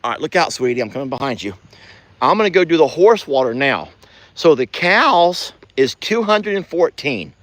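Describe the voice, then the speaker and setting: A man's voice: mid-range voice, a bit bright, no room sound. A man with a Southern US accent, chatting folksily to viewers in a casual outdoor ranch vlog. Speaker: ranch vlogger. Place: outdoors on a farm pasture.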